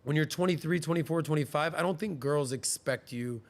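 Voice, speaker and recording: A man in his forties hosts a podcast at a brisk clip, his voice on the high side. He tells stories casually and animatedly, acting out the voices of people he quotes.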